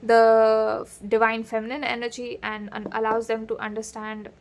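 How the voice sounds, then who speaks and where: A woman's voice: a little high, monotone, moderate pace. A woman giving a casual spoken tarot reading, talking straight to the listener and drifting into digressions and asides. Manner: digressive, addresses the listener directly with frequent asides. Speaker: tarot reader.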